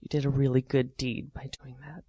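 A man voicing a polite female grocery cashier who speaks quietly and kindly. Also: medium pitch, little pitch movement, brisk, dry recording, pitched below the performer's own voice, natural voice. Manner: quiet, kind.

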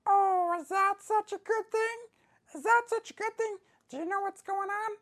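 Woman voicing a squeaky furious tough-guy wrestler. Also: fairly even intonation. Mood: angry. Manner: ranting, repeats lines, slow heavy emphasis. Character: angry boastful male tough-guy wrestler. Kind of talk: comedy sketch interview.

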